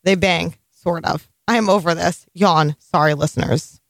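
A woman's voice: fairly low pitch, normal speed, gravelly, no echo. A woman co-hosting a podcast in casual chat, dry, sarcastic and bored-sounding. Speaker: podcast co-host.

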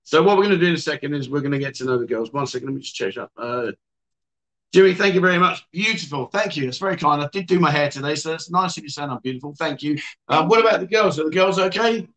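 A man's voice: fairly high pitch, fast talker, fairly bright tone, rough recording. A man hosting a casual livestream, reading viewer comments aloud and joking with his guests. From England. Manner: teasing, joking banter with guests. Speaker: livestream host.

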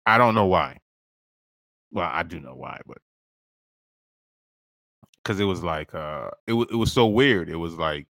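Bright-toned, low-voiced man in candid podcast chat. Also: expressive, measured pace, long pauses, dry recording. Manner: slangy and candid, peppered with "bro" and laughter. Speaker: podcast host. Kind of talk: casual storytelling chat.

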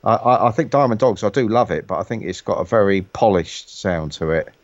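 A man's voice: fairly low pitch, animated, a little fast, dry recording, dull audio. A middle-aged man from the UK chatting casually on a call, rambling with many stumbling restarts. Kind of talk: casual chat.

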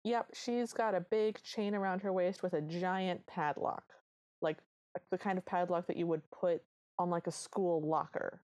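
A woman co-hosting a podcast, recapping a film in animated casual chat. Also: lowish voice, normal speed. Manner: animated storytelling. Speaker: podcast co-host.

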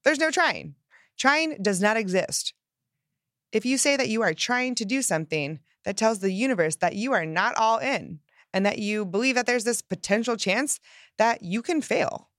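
A woman giving an upbeat motivational self-help talk, emphatic and lively, acting out the phrases she quotes. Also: on the high side, normal speed, dry recording, studio quality. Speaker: self-help podcast host.

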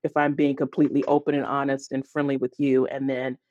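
A woman's voice: a bass voice, fairly quick, no echo, muffled recording. A woman, a guest on a podcast, telling a personal story in conversation and acting out the dialogue as she goes. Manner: animated storyteller who acts out quoted dialogue; fills gaps with "da, da, da".

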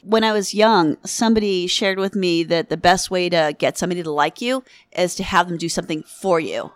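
A woman's voice: on the low side, fairly quick, no room sound. A woman, a veterinarian guest on a podcast, talking bluntly and candidly with casual swearing. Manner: blunt, candid, swears freely, laughs often. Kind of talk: casual interview chat.

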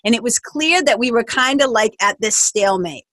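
A woman hosts her podcast in a loose, animated storytelling style, sprinkling "like" everywhere and swearing casually. Her voice sits a bit high. The recording is close and dry, with no room sound. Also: normal speed, no room sound. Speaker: podcast host.

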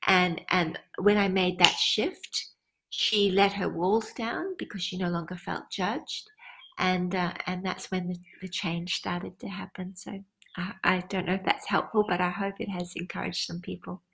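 Husky, gravelly-voiced woman pastor. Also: on the low side, steady tone, measured pace, fairly bright tone, poor audio. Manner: earnest testimony with prayerful asides. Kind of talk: conference Q and A teaching.

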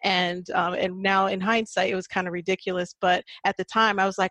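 A woman in her thirties, appearing as a podcast guest, reflectively tells her personal story with frequent fillers and small laughs. Her medium-pitched voice is steady and a bit bright at a moderate pace, recorded dry.

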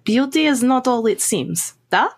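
A woman's voice: on the high side, animated, a little slow, slightly rough, pitched above the performer's own voice, heavily acted. A woman voicing a proud, formal Russian vampire woman, in clipped broken English with a Russian accent. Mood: earnest.

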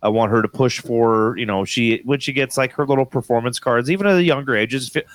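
A man in his thirties, a father and co-host, telling a family story in casual chat with lively delivery. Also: fast. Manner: animated, acts out his daughter's voice in high squeals.

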